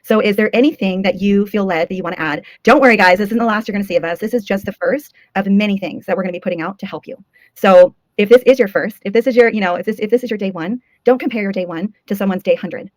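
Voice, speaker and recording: A woman's voice: mid-range voice, quick pace, no echo. A woman co-hosting a fitness summit, giving emphatic, emotional encouragement to viewers. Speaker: co-host and summit organizer. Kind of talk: motivational talk.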